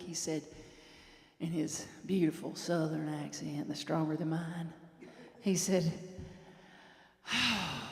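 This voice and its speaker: Woman preaching in an echoing hall. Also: on the low side. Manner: warm conversational storytelling with laughs. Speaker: minister. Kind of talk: Sunday talk to a congregation. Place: large hall with congregation. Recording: echoey hall reverb.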